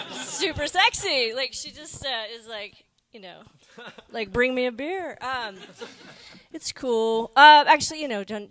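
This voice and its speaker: A woman's voice: on the high side, fairly bright tone. A woman performing a stand-up comedy set, rambling and wry, with lots of filler words. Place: comedy stage with live audience.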